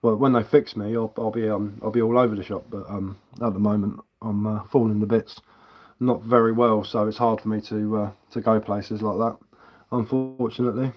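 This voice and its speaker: A man's voice: lowish voice, fairly even intonation, moderate pace, a little mellow. A middle-aged man talks loosely on a live stream, circling back on his words as he goes. He swears without a second thought and breaks into laughter often. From England. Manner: rambling, swears freely, laughs often, frequent restarts. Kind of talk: casual live-stream chat.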